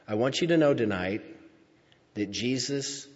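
A man preaching a sermon, reading scripture aloud and explaining it in a slow, deliberate way, stretching out key words for emphasis. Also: fairly low pitch, animated, a little mellow, husky. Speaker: pastor. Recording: dull sound with long hall reverb.

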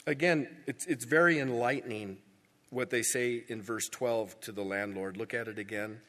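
A man's voice: medium pitch, steady tone, moderate pace, a bit bright, in a large hall. A male pastor preaching a sermon in a church, emphatic and repeating words for stress.

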